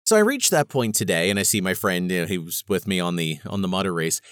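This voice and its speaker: Animated self-mocking man telling a story. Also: sits low, fast, smooth, no echo, clean studio sound. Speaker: podcast host. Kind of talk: casual monologue.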